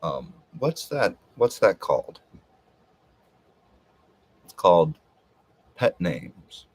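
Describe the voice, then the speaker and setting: A man's voice: deep voice, big pitch swings, very slow, breathy edge, no echo. A man talking in a casual, rambling monologue, hesitant and full of filler words. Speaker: podcast host.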